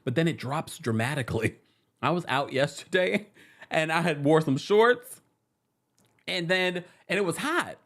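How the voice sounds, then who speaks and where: A man's voice: fairly high pitch, lively intonation, measured pace, a bit bright. A man hosting a casual live-stream recap from New York City, chatting and reading viewer comments aloud with frequent laughs.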